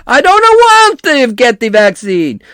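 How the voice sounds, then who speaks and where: A man's voice: huge pitch swings, slow pace, clean tone, dry recording, studio quality, exaggerated voice. A man voicing a middle-aged, exasperated Italian dentist in an exaggerated mock Italian accent, pleading and emphatic. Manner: exaggerated, pleading, high and loud.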